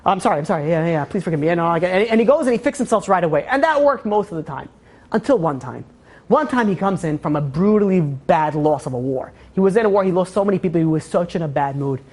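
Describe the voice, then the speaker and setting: A woman telling a moral story in a lecture, animated and acting out the characters' lines. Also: lowish voice, fast. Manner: animated, acts out quoted dialogue. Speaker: teacher of Torah.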